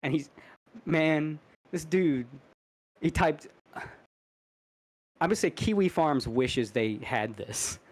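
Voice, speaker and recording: A man's voice: fairly high pitch, slow, pauses often. A man co-hosting a podcast, telling a story in casual chat, laughing, swearing and restarting his sentences. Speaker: podcast co-host.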